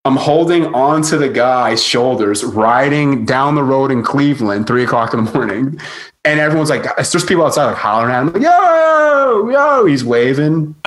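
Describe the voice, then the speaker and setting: Man, casual storyteller, animated, mid-pitched, quotes people. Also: moderate pace. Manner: animated, acts out quotes, many likes. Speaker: podcast guest.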